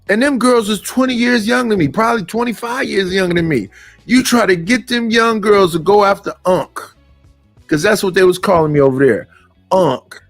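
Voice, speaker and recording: Fifties male streamer from Oakland, California: high-pitched, blunt, rambling, dry close sound. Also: no room sound. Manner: blunt, rambling, quotes others in put-on voices. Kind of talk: casual ranting commentary.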